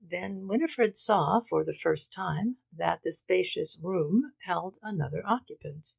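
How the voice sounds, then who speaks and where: A woman narrating a mystery audiobook in a measured, dramatic reading. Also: lowish voice, creaky, husky, dry recording, poor audio. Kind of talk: scripted narration.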